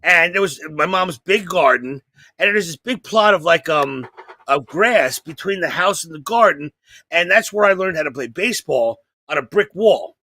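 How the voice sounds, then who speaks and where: A man hosting a comedy podcast, telling a long story in an animated, profane way and acting out the people in it. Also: fairly high pitch, normal speed, no echo. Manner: animated, profane, acts out voices.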